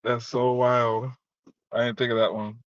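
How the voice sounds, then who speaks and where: A man's voice: medium pitch, level tone, a little slow, no room sound. A man doing profane, heated casual commentary while reacting to chat and reading it aloud. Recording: dull lo-fi dry sound.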